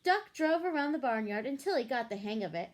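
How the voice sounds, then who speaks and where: Lady reading a kids book out loud, bouncy high voice, asks the kids stuff. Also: fairly quick. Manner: animated, asks the listeners questions. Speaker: storyteller reading to children. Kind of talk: picture-book read-aloud.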